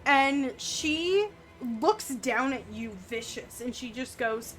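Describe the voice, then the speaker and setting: A woman narrating as game master, unhurried and conversational, with fillers. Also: high voice, expressive, fairly bright tone.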